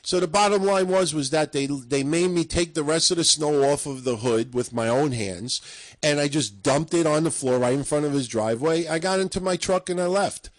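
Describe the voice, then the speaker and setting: New guy ranting a story on a talk show, cursing a lot, kinda high voice, dead dry sound. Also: normal speed, no room sound, low-quality recording. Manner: heated, swearing, acts out shouting matches. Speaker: podcast co-host.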